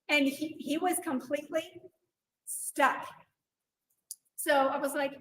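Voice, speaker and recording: A woman in her forties, a teacher giving a workshop talk in a dynamic, animated way, sometimes loud. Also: sits high, unhurried. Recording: echoey room, distant mic, faint noise.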